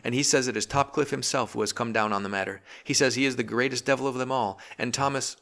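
A man reading a frightened, timid young wife who speaks in a pleading, distraught way, pitched well above his own voice. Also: fairly even intonation, fast talker, gravelly, a bit bright.

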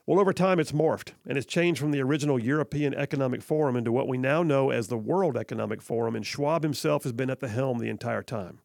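A man's voice: medium pitch, fast talker, creaky, hardly any pauses, a little mellow, no echo. A male talk radio host, giving opinionated, sarcastic commentary in a conversational way from a radio studio. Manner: conversational, sarcastic, many "I mean" asides. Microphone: studio microphone.

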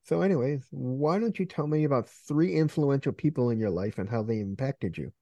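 A man hosting a podcast, asking relaxed, brief questions in a casual interview. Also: mid-range voice, brisk, dry recording, lo-fi sound. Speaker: podcast host.

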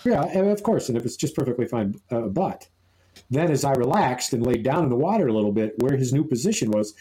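Podcast co-host, male, mellow tone, loose rambling storyteller. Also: medium pitch, expressive, brisk, low-quality recording. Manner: rambling, amused anecdote-telling with many restarts. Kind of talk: casual storytelling chat.

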